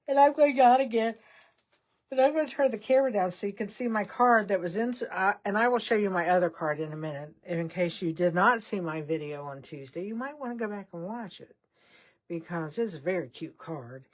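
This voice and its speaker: An older woman hosts a casual card-making channel, her lowish voice moving a little fast. As she works, she chats in a rambling way and tosses in self-deprecating asides.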